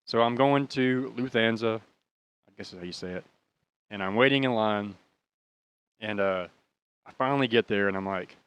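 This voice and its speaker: A man's voice: on the low side, normal speed, long pauses, a bit bright, smooth, dry recording. An American man in his thirties casually telling a rambling, profane story and laughing at his own bad luck. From United States. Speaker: podcast host.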